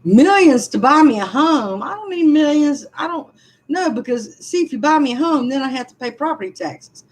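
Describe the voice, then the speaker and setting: A woman's voice: high-pitched, expressive, normal speed, low-quality recording. A woman, venting frankly to viewers on a casual livestream and answering their comments with laughing asides. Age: 60s. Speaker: livestream vlogger reading comments.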